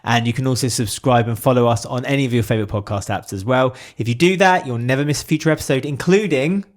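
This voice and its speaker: A man from the UK co-hosting a podcast, in casual chat, chatty and joking with quick asides. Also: medium pitch. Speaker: podcast co-host.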